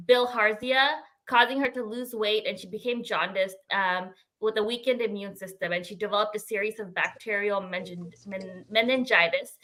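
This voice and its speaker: A woman with a fairly high, bright, forceful voice, presenting a segment on a chatty podcast. She reads from notes, pausing with many ums along the way. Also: poor audio. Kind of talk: casual chat and prepared segment.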